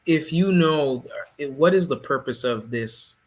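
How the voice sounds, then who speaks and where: A man co-hosting a casual panel discussion, speaking in a measured, explanatory way. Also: on the high side, expressive. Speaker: podcast co-host.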